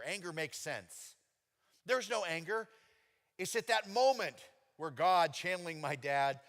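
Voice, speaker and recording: A man giving a testimony sermon, telling his story with lively acted-out quotes. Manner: animated storytelling with high-pitched acted-out quotes. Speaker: preacher. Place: church hall. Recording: long reverb of a church hall.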